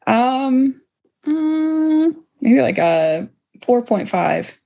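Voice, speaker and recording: A woman's voice: sits high, sing-song, extremely slow, creaky, mellow. Thoughtful woman guest on a podcast. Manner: thoughtful, hesitant with restarts. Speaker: podcast guest, movie reviewer. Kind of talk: casual chat.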